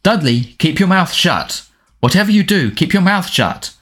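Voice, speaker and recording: A man reading aloud, voicing a desperate teenage boy wizard who shouts frantic commands in a raised voice. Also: high voice, huge pitch swings, slow, slightly rough, pitched above the performer's own voice, full character voice.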